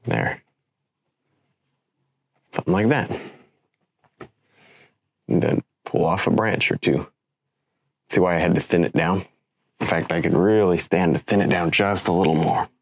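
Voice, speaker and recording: A man with a low, slightly husky voice teaches landscape painting in a loose, easygoing way. He muses over each stroke and cheers on the viewer. The sound is close and dry. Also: a little slow, long pauses, no echo. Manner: relaxed, thinks aloud, encouraging. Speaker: painting instructor. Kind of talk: casual painting demonstration.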